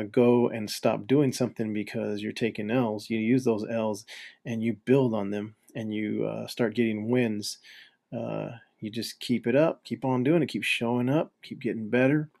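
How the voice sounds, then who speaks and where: A man hosting a casual solo podcast, talking haltingly with lots of fillers and restarts. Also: medium pitch, steady tone, gravelly, a little mellow. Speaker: podcast host.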